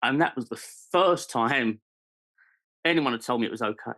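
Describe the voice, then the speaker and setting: A man's voice: mid-range voice, normal speed, bright, forceful tone. A man in his forties with a British accent, a podcast guest telling his life story candidly, earnest and searching, with frequent ums and restarts. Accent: British English. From England. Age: 40s.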